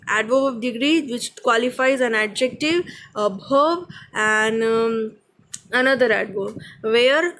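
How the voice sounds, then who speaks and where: A woman's voice: high voice, fairly bright tone, slight background noise, poor audio. A woman teacher with an Indian English accent giving a grammar lesson, explaining patiently and checking with "okay?" after each point.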